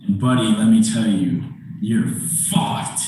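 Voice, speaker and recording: A man's voice: fairly low pitch, fairly even intonation, a little slow, dark tone, slight background noise, voice pushed down, lightly acted. A man voicing a menacing male rogue who taunts a captive. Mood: threatening. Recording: very echoey, mic far off.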